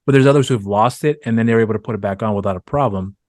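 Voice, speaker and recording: A man's voice: fairly low pitch, racing, darkish tone, no echo, studio quality. A man hosting a podcast interview, asking long winding questions with many restarts. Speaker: podcast host. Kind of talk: casual interview chat.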